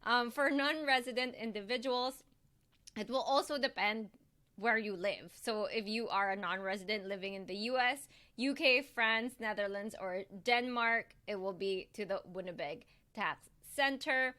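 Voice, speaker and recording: A woman's voice: fairly high pitch, moderate pace, bright, forceful tone. A woman bookkeeper from Canada giving a casual tutorial, reading through lists in a chatty way and apologizing lightly now and then. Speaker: bookkeeper explaining tax filing.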